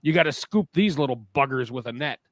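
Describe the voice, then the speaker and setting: A man's voice: medium pitch, lively intonation, a little fast, dry recording. A middle-aged man from New Jersey in a casual radio chat, telling rambling stories and often interrupting himself. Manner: rambling storyteller, self-interrupting.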